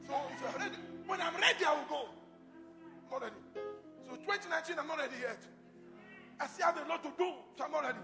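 A man preaching a fervent charismatic sermon, leading the crowd in repeated decrees and calls to repeat after him. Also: very high voice. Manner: repetitive call-and-response decrees, often shouted. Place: large church hall. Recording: echoey church hall with faint music.

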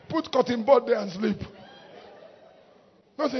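A woman preaching a lively sermon in church, laughing often and breaking into shouts. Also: on the high side, extremely slow, pauses often, slightly rough. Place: church hall. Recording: muffled recording in a reverberant hall.

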